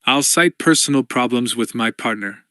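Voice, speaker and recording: A man's voice: medium pitch, normal speed, bright, forceful tone, no echo, studio quality, close to an everyday voice. A man reading the part of a composed, resilient woman who speaks wryly.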